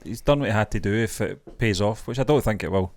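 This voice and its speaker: A man's voice: lowish voice, quick pace, a little mellow, no room sound. A man co-hosting a reaction video, easygoing and agreeable in casual chat. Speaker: co-host.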